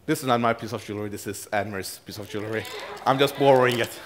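A man preaching a sermon as pastor, swinging between loud, raised passages and quiet, low asides, chuckling now and then. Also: rapid-fire, slight background noise.

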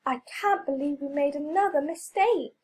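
A woman's voice: high voice, darkish tone, natural voice, low-quality recording. A woman voicing a keen, eager young superhero boy in a children's story. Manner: eager, quick to exclaim.

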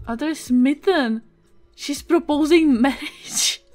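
A Czech-accented woman giving casual let's-play commentary, excitable, swearing and yelping at the game. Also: high voice, slow pace, faint music behind. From Czech Republic. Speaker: gaming video creator.

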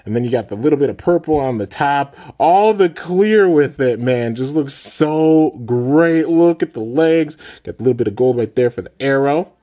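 A young man hosting a casual toy unboxing vlog, excitable and filling his talk with "man" and "dude". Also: medium pitch, brisk, few pauses, muffled recording. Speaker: toy reviewer and channel host.

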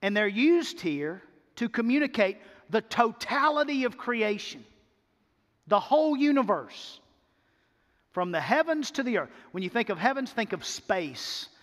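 Male pastor, sermon, high voice, slow deliberate delivery, emphatic build-ups, long church-hall reverb. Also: very animated, fairly bright tone. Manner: emphatic, repeats words for build-up. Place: church sanctuary.

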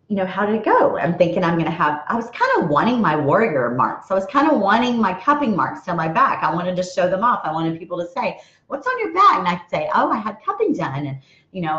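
A middle-aged woman tells a story to her viewers in a casual, animated way, acting out each line of a conversation. Her voice sits at an ordinary pitch. The sound is roomy and a little dull. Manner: animated, acts out both sides of a conversation. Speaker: vlogger.

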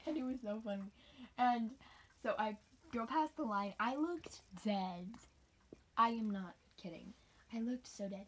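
A woman's voice: on the high side, expressive, measured pace, slight background noise. A young woman telling a casual, rambling story about her race, sometimes dropping into a whisper. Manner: chatty, rambling, drops into whispers. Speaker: homeschooled cross-country runner.

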